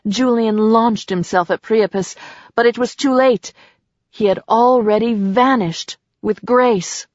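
A woman reading a novel aloud as an audiobook narrator in a measured, expressive way, on a slightly muffled recording. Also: medium pitch, no echo. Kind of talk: scripted narration.

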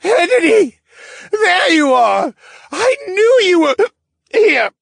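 A man's voice: extremely high pitch, sing-song, slow, gravelly, fairly bright tone, no echo, clean studio sound, voice pushed up, exaggerated voice. A man voicing a lovesick, clumsy young scientist who gushes dramatically. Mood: gushing. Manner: giddy, gushing and dramatic.

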